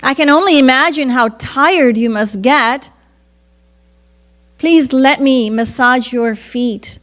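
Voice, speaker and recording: A woman's voice: high voice, slow pace. A woman voicing a simple shepherd man as he prays tenderly and pleads. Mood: tender pleading. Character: humble simple old shepherd man praying.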